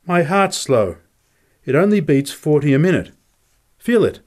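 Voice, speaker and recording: A man's voice: a little high, very animated, measured pace, darkish tone, pitched above the performer's own voice. A man voicing a little former prize fighter who is odd and insistent, in a storybook reading. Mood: eager.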